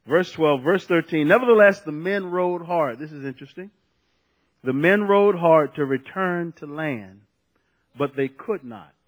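Pastor guy preaching, pretty high voice, laughs a lot, repeats himself, radio sermon. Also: fairly bright tone.

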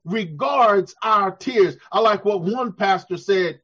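A male preacher with a high-pitched voice delivers a sermon, rising to fervent shouts and sinking to soft, slow passages. The sound is dull and lo-fi. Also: breathy edge. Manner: preaching with call-and-response, swelling to shouts then dropping soft. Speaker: pastor.

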